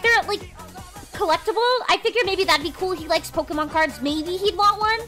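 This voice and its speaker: Young woman streamer, very high, bright and lively voice, rambling chat, faint music behind. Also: brisk. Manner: bubbly, rambling, heavy "like" and "freaking". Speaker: livestream host. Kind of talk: casual livestream chat. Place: indoors at home desk.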